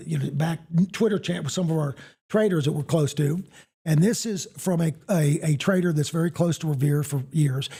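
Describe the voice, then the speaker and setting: A man's voice: on the high side, dark tone, breathy edge. A man in his sixties hosting a finance podcast, rambling with frequent restarts and asides. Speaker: podcast host. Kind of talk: casual finance podcast talk.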